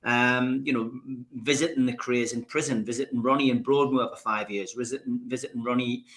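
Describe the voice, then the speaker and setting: A middle-aged man hosts a relaxed podcast interview. His voice is bright and forceful, and his chatty talk stumbles and repeats words as he finds his way. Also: mid-range voice, fairly quick. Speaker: podcast host. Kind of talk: casual interview.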